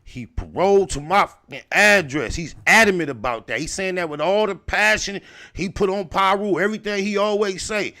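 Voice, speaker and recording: A man's voice: sits high, normal speed, pushed and bright. Man pointing out clips to viewers. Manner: pointed, instructive asides to viewers. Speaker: reaction show host. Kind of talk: commentary on played clips.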